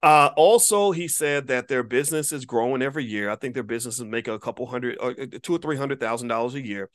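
A man's voice: mid-range voice, fast. A man giving a casual monologue to viewers as an online commentator. He speaks emphatically and preachily, with casual profanity, and repeats words when he restarts a thought.

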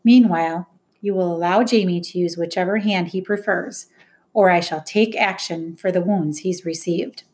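A woman voicing a firm, educated woman guardian who speaks with crisp, commanding diction. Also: lowish voice, moderate pace, darkish tone, close to an everyday voice. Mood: stern. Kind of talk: audiobook character voice.

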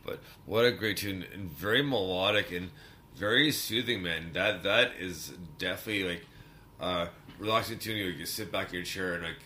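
A man hosting a music show in casual chat, laid-back and quick to laugh. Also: deep voice, pushed and bright, slight background noise.

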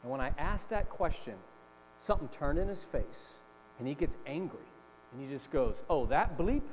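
High-voiced man preaching in an echoing hall. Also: lively intonation, moderate pace. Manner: storytelling, conversational with frequent "right?" asides. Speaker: pastor. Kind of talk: sermon. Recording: reverberant hall with faint mains hum.

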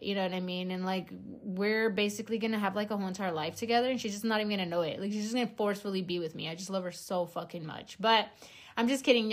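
A young woman hosts her podcast in a loose, casual chat. She swears freely, jokes constantly and rambles along with plenty of filler words. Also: mid-range voice. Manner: profane, joking, rambling with many fillers. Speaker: podcast host.

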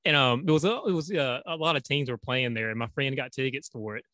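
A man's voice: medium pitch, quick pace, dry recording, studio quality. A man co-hosting a podcast, telling a rambling story in casual chat. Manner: animated, rambling. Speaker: podcast co-host.

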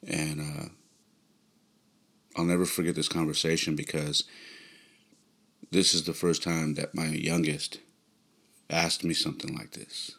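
A middle-aged man hosting a podcast, telling a personal story in a halting, reflective way with many restarts. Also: rumbling low, flat delivery, vocal fry, a bit bright. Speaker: podcast host.

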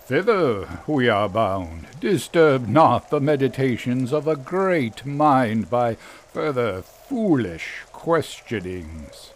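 A man's voice: medium pitch, big pitch swings, slow, slight background noise. Man playing a cheeky posh young gent, teasing his mate in fake-grand talk. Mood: mock-grand. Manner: playful mock-grand speech. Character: jaunty young gentleman angler, teasing.

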